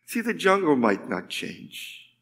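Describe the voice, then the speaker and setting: A man preaching a sermon with passion, swinging between loud, ringing declarations and hushed, drawn-out words. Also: a little high, huge pitch swings, creaky. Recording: echoey hall.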